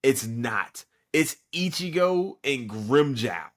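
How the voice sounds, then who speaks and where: A man's voice: mid-range voice, animated, takes it slowly. A tired man hosting a podcast, recapping an anime episode in a rambling, profane way with lots of fillers. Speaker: podcast host.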